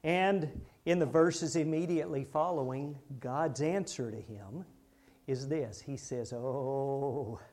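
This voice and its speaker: High-voiced, animated male preacher. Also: a little slow. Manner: animated, rhetorical questions to the congregation. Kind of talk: sermon.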